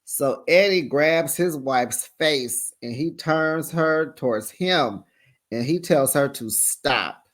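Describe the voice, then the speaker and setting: A host with a mid-pitched voice gives a sassy, gossipy reality TV recap, talking straight to the viewers. The pace is slow and unhurried, with lots of drawn-out asides. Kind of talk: casual commentary recap.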